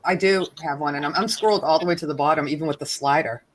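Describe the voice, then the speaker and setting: A woman's voice: deep voice, fast talker, a crowd in the background, rough recording. A woman hosting a casual live-stream chat on a video call from home, bubbly and giggly as she chats while cooking. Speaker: host of a live stream hangout.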